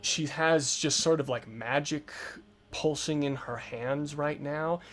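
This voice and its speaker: A man narrating a tabletop game as game master, describing scenes in an unhurried way full of fillers. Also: fairly high pitch, steady tone, a bit bright, faint music behind.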